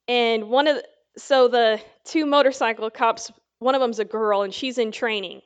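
Woman Bible teacher, relaxed sermon, chatty storyteller, clear smooth tone, a bit lo-fi. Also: a little high, moderate pace. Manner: chatty storytelling with many fillers. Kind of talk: casual conversational sermon.

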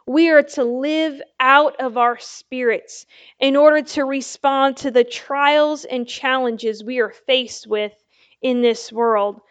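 A woman preaches a sermon in a high voice, taking her time over every phrase and pausing to ask her listeners for an amen. The sound is a little dull and lo-fi. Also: steady tone, clean tone. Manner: slow, emphatic preaching with call-and-response "Amen?".

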